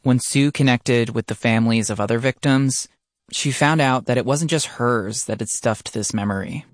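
A man narrating a radio story in a measured, calm, scripted way. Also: mid-range voice, no room sound.

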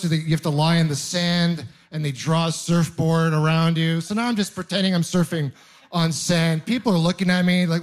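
A young man doing a stand-up comedy set, telling self-mocking stories in a loose, chatty way with frequent laughs. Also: a little high. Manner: conversational, self-deprecating storytelling with laughs. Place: live comedy venue with audience.

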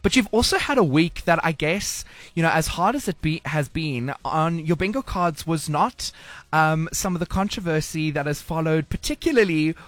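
A man co-hosting a live interview, asking long, measured questions. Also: on the high side, expressive, fairly bright tone, dry recording. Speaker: talk show co-host.

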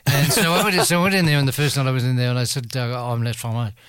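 A man's voice: medium pitch, racing, a bit bright, clear, resonant tone, no echo. A man telling a rambling anecdote as a radio guest, full of restarts and frequent laughter. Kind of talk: anecdotal storytelling.

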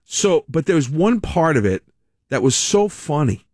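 Rambling radio host, dry. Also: male voice, a little high, sing-song, unhurried, darkish tone, no room sound. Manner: rambling, chuckling, many restarts. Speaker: radio talk show host. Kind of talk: casual on-air chat. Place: radio studio. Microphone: studio mic.

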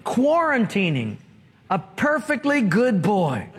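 A man's voice: high voice, wildly swooping pitch, slow pace, noisy background. A man preaching a sermon as pastor, telling stories and asking the congregation questions. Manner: storytelling, asks the congregation questions. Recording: long reverb of a large hall.

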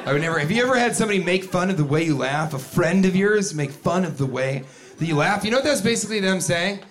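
A man's voice: high-pitched, lively intonation, fast. A man doing a wry, self-mocking stand-up routine, recorded live with an audience. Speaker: stand-up comedian.

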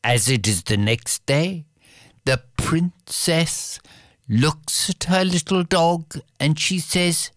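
A storyteller telling a fairy tale aloud in a playful, expressive way with repeated rhythmic phrases. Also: medium pitch, slow pace, dry recording, studio quality.

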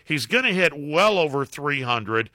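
A middle-aged former baseball broadcaster telling anecdotes as a guest, with halting restarts and acted-out quotes. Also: male voice, on the high side, dry recording, studio quality. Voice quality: halting, many restarts and fillers. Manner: acts out quotes in animated anecdotes. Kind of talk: casual phone-in storytelling.

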